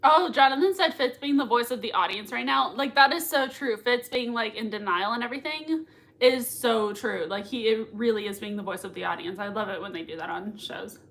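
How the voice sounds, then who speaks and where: Bright, excitable woman gushing on a livestream. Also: fairly high pitch, brisk, gravelly. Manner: gushing and excitable, laughing often. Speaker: livestream reaction host. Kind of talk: live reaction chat, reading viewer comments. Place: at home.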